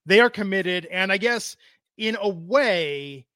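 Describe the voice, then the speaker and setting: A man's voice: high voice, expressive, takes it slowly, sharp tone, no room sound. A man co-hosting a wrestling podcast, chatting casually with a dry, sardonic delivery. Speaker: podcast co-host.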